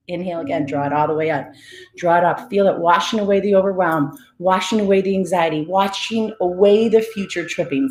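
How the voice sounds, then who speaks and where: A woman coaching a live guided breathing and affirmation session, calling out energetic cues and greeting viewers by name. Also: mid-range voice. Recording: roomy echo, faint music behind.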